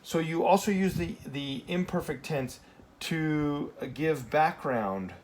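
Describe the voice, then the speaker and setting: A man's voice: a little high, takes it slowly, slight background noise. A man teaching a Spanish grammar lesson in a casual classroom style, often checking in with "okay?" and correcting himself as he goes.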